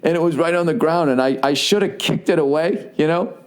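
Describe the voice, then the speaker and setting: A man in his forties hosting a solo comedy podcast, telling stories in a profane, rambling way, with many "right?" asides and quick mocking impressions. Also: smooth. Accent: Boston. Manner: slips into mocking impressions with jumps in pitch. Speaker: podcast host.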